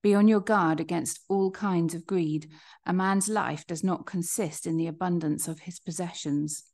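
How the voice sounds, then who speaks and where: A man's voice: high-pitched, steady tone, normal speed, darkish tone. A man reading a scripture passage aloud steadily, giving the quoted speakers a little voice. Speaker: scripture reader.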